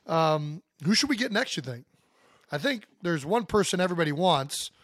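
A man's voice: fairly high pitch, sing-song, moderate pace, fairly bright tone, dry recording, studio quality. A man in his thirties from Ohio, co-hosting a casual sports podcast and bluntly ribbing his brother. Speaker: podcast co-host.

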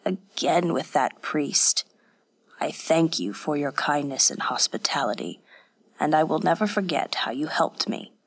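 A woman voicing a bitter young man set on revenge, in a hoarse, croaking near-whisper. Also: low voice, expressive, a little slow, full character voice. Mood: grim, low.

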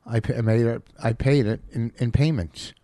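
A man arguing with his wife at home, defensive, with deadpan comebacks. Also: medium pitch, normal speed, dry recording. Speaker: husband. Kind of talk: casual couple argument.

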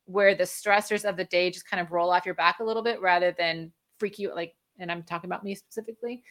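A woman's voice: fairly low pitch, fairly even intonation, fast talker, hardly any pauses, fairly bright tone. A woman guest speaking as a functional medicine practitioner, explaining in a conversational way and laughing often. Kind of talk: conversational interview.

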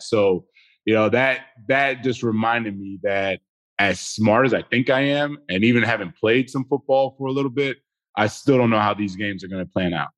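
A man, a former football player, telling a game story as a podcast guest in a blunt, emphatic and animated way. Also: fairly low pitch, normal speed. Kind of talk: casual sports talk.

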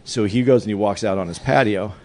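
A man who is a stand-up comedian, telling a dark joke as a story in casual, profane podcast talk. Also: fairly low pitch, quick pace.

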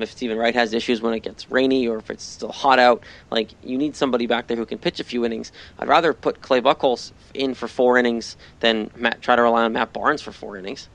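A man talking sports on a podcast in a loose, casual way, filling pauses with "um" and "like." He has a mid-range voice and an easy conversational pace. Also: medium pitch, gravelly, a bit bright. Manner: casual, lots of 'um' and 'like'. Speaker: podcast co-host.

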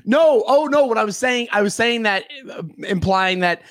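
Animated high-voiced man on a podcast. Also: moderate pace, no echo, clean studio sound. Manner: animated, laughs often, trails off and restarts. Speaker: podcast co-host. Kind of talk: casual chat.

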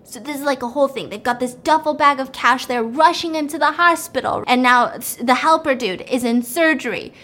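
A young woman with a high, light voice tells a film's plot in an animated, casual way. She jumps into the characters' lines with little put-on voices and sinks to a hushed whisper for the threatening parts. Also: fairly quick, few pauses. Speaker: storyteller recapping a film plot.

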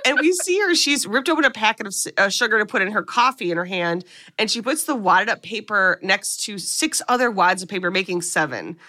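Woman, bright voice, casual podcast co-host, swears freely, storytelling recap. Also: mid-range voice, expressive, brisk. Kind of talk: casual chat.

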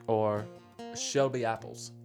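Laughing podcast host reading definitions. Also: male voice, on the low side, steady tone, slow, gravelly, a little mellow, faint music behind. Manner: reads out definitions, laughing and teasing. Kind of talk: casual podcast banter.

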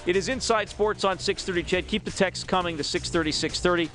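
A man hosting a sports radio show, reading listener texts and chatting in a relaxed, self-amused way. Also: high-pitched, fairly quick, faint music behind. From Alberta, Canada. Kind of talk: casual radio talk. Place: radio studio. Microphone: studio microphone.

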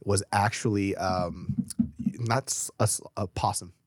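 A man as a podcast guest in casual chat, telling stories in an animated, profane way. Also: lowish voice, a little slow, a little hiss or hum.

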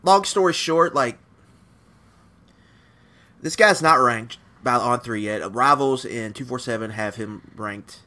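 A man's voice: medium pitch, slow pace, pauses often. Easygoing male sports podcast co-host. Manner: rambling, relaxed, laughs easily. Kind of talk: casual sports chat.

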